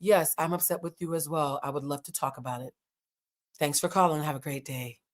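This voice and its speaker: Unbothered, soft-spoken calm woman on the phone, polite and serene, as a host puts her on. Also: a little fast, lightly acted. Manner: serene, polite and low-key.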